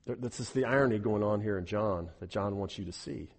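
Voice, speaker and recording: A man preaching a sermon, animated, acting out the people he quotes and often repeating words as he goes. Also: on the low side, a little fast. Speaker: pastor. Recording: echoey hall with long reverb.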